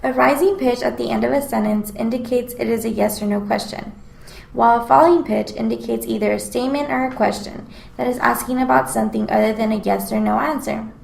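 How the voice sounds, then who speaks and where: A woman's voice: a little high, a little fast, vocal fry, echoey room, poor audio. A woman reading aloud a scripted class presentation in an explanatory tone. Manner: reads aloud in an explanatory, even tone. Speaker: student presenter.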